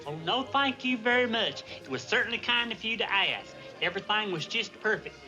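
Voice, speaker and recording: An actor playing a naive, cheerful young Marine private with a folksy Southern drawl, polite and earnest, in a 1960s TV sitcom. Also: male voice, sits high, animated, a little fast. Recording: TV soundtrack with laugh track and music.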